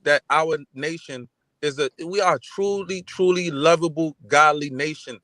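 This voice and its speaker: A man in casual chat, talking in an animated, emphatic way and repeating his phrases. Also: a little high, moderate pace, no room sound.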